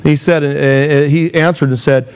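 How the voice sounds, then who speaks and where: A man's voice: fairly high pitch, steady tone, normal speed, a little mellow, smooth. Man preaching an emphatic sermon. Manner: preaching with emphatic rises and acted quotes. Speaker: pastor.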